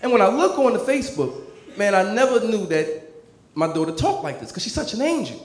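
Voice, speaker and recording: Profane, high-voiced stand-up comedian. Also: male voice, fairly quick, reverberant, soft background music. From New Jersey. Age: 30s. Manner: profane, animated storytelling, many filler restarts.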